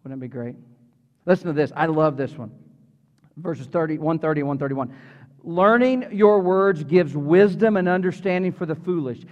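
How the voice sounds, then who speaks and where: Middle-aged male pastor, lively conversational preacher, high voice, church hall echo, slightly muffled. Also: moderate pace. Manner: animated, conversational preaching with humor and audience asides. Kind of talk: sermon. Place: church sanctuary. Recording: reverberant hall, slightly dull sound.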